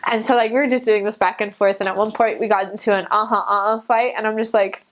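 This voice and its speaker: A woman's voice: mid-range voice, quick pace. Chatty young woman telling a story. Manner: chatty, animated, many "like" fillers, acts out quotes in a raised voice. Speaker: returned missionary. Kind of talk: personal storytelling.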